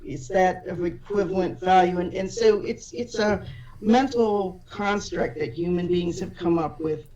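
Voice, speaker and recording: A woman's voice: lowish voice, unhurried, dark tone. A woman who is a podcast guest, explaining ideas patiently and step by step, often restarting her sentences. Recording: distant, dull-sounding audio.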